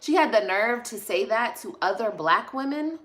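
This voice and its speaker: A woman's voice: fairly high pitch, animated, normal speed, a bit bright. A woman vlogger ranting on a livestream, blunt, profane and passionate, reading and answering viewer comments. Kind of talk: livestream rant.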